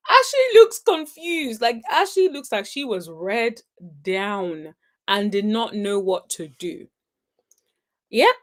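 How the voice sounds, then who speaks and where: A woman with a fairly high voice recaps reality TV at an unhurried pace. She talks chatty and sassy, stretching out her reactions and humming her approval between points. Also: very animated. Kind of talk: casual commentary on show clips.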